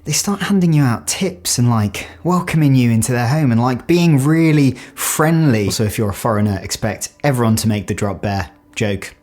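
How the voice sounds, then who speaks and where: A young British man from the UK chatting casually to camera in a vlog, animated and full of "like" fillers. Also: mid-range voice, normal speed, hardly any pauses. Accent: British English. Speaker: vlogger.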